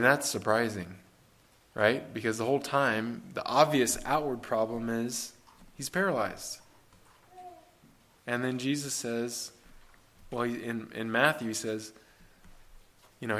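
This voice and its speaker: A man preaches in an easygoing but earnest manner, asking his listeners questions and circling back to rephrase his points. His voice sits at an ordinary middle pitch for a man. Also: fairly bright tone. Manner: earnest, conversational, with restarts and rhetorical questions. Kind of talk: sermon.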